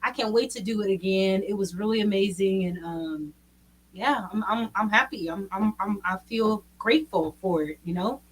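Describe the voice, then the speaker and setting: A woman who is a recording artist, chatting as a guest on a live stream in an energetic, casual way. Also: medium pitch, normal speed, a little hiss or hum. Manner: energetic, bursts into song.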